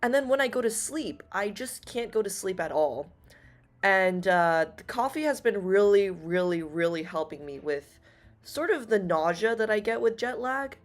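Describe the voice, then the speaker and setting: A woman's voice: medium pitch, animated, moderate pace, soft background music. A woman VTuber streaming to her viewers, upbeat and chatty, her voice a bit worn from jet lag. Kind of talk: livestream chat with viewers.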